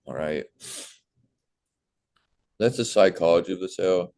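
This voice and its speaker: A young man with a low voice talks his sales team through the job in a loose, casual way. He is animated and keeps breaking into a bright, put-on phone-rep voice to act out calls. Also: unhurried. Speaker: sales trainer. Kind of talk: casual sales coaching talk.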